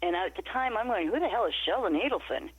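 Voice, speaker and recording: Animated woman recounting a story, lo-fi audio. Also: medium pitch, quick pace, husky, no echo. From Nevada. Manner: animated, acts out quoted dialogue. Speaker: interview guest. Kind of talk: storytelling in a podcast interview. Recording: muffled lo-fi remote audio.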